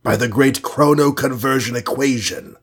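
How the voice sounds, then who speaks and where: A man's voice: medium pitch, normal speed, fairly bright tone, husky, voice pushed up. A man reading a storybook and voicing a scheming alien villain from the future, condescending and bland, sprinkling in foreign words. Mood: smug. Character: sneering scheming male alien time-traveler villain.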